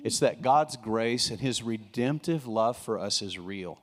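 A middle-aged pastor gives a sermon-style testimony about his own marriage to a congregation. His mid-range voice is expressive and earnest, with a preacherly lean into key lines, and quick joking asides keep the mood friendly.

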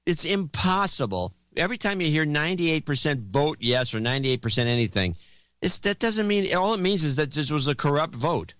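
A man's voice: a little high, sing-song, fairly quick, a bit bright, dry recording. A man co-hosting a podcast in casual chat, emphatic and given to little rants. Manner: emphatic, ranting. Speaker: podcast co-host.

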